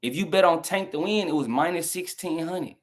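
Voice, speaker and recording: A man's voice: fairly high pitch, brisk. A young southern man with a Southern American accent, arguing heatedly with his chat on a live stream and mocking their replies. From southern United States. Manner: argumentative, mocking, talks straight to chat.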